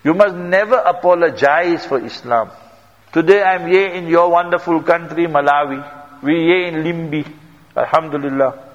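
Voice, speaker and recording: South african preacher guy, highish voice, storytelling sermon, echoey hall, muffled recording. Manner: anecdotal, repetitive, non-standard grammar. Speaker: Islamic preacher. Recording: reverberant hall, dull lo-fi sound.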